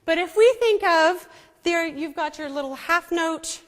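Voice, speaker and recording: High-voiced woman teaching in an echoey hall. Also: unhurried. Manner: teacherly, coaxing, checks in with "okay?" and "right?". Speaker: music teacher. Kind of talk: music lesson to an audience. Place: church hall. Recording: echoey hall, imperfect sound.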